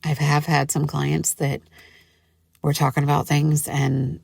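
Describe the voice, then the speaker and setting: Woman podcast host, low gravelly voice, chatty and gushy, says like a lot, dry close sound. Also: flat delivery, unhurried, a little mellow, no room sound. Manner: chatty, gushing, lots of "like". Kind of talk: casual solo podcast talk.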